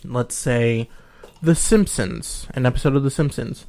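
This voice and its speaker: A man at a middle pitch co-hosting a relaxed podcast, walking his co-host through background details. He talks in long, loose stretches broken up by frequent ums and restarts. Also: measured pace. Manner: explains at length with many ums. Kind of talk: casual chat.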